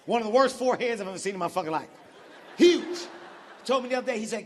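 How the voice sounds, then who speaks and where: A man in his forties doing a loud, profane stand-up comedy set, swooping in pitch and shouting his punchlines. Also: rapid-fire, a little hiss or hum. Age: 40s. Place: large arena stage. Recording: big hall with crowd and laughter.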